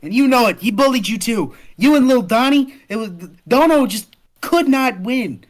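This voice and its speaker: A man's voice: extremely high pitch, lively intonation, moderate pace, pitched above the performer's own voice. A man voicing a clingy, emotional young woman in a tabletop game, pleading with an old friend.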